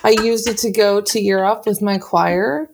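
Woman co-host, gravelly fry, chatty anecdotes. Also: medium pitch, fairly even intonation, normal speed, noisy background. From Ohio, USA. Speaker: podcast co-host. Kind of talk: casual storytelling.

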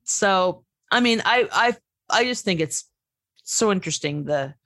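A woman's voice: mid-range voice, lively intonation, a little slow, fairly bright tone, dry recording, studio quality. A woman hosting a casual book discussion, talking in a chatty way full of fillers while she reads passages aloud. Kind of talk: casual book club chat.

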